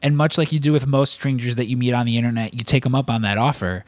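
A man's voice: medium pitch, steady tone, quick pace, no room sound. A man casually telling long stories in a chat, rambling with lots of restarts and cursing freely.

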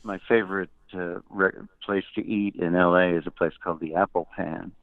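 Deep-voiced older man on a tinny line. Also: steady tone, moderate pace, creaky. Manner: wry, anecdotal. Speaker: musician guest. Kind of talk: interview storytelling. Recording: tinny dry phone-like line.

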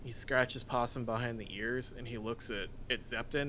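A man's voice: medium pitch, steady tone, moderate pace, pushed and bright, a little hiss or hum, low-quality recording. A man playing a character in a tabletop game, talking casually and hesitantly. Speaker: tabletop player. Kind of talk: casual tabletop role-play.

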